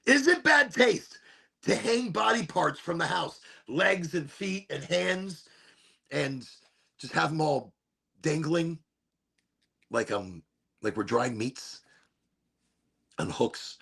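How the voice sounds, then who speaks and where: A man hosting his own podcast, rambling in a relaxed, playful and self-amused way. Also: fairly high pitch, slow, vocal fry, long pauses, husky. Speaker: podcast host. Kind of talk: casual stoned monologue.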